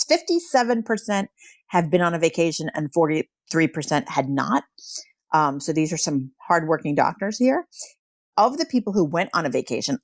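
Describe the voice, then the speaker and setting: A woman's voice: fairly low pitch, dry recording. Chatty woman podcast host, dry sound. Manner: chatty, with fillers like "um" and "like", laughing easily. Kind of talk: casual chat presenting survey results.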